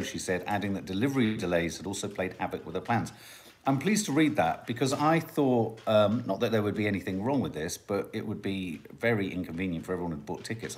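A man hosting a casual family livestream, chatting and joking as he reads out viewer comments. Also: fairly low pitch. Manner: chatty, jokey, musing aloud. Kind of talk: casual live chat, reading out viewer comments.

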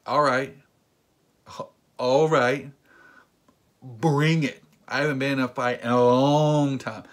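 A man's voice: medium pitch, takes it slowly. A man in his thirties telling a story in a casual vlog, joking and acting out voices. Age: 30s. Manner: animated, acts out voices, joking rants. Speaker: vlogger.

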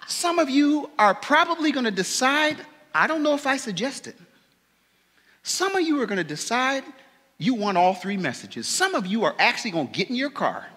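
A tearful male pastor preaching an impassioned sermon, swinging from hushed tones to shouts. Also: very high voice, very animated, moderate pace. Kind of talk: emotional sermon. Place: fellowship hall. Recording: long echo of a hall.

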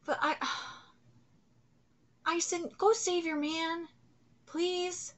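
High-pitched streamer lady, super emotional reactions, swears a lot. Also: fairly even intonation, slow pace, fairly bright tone. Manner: emotional, swearing, pleading outbursts. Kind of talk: live comic reading reaction.

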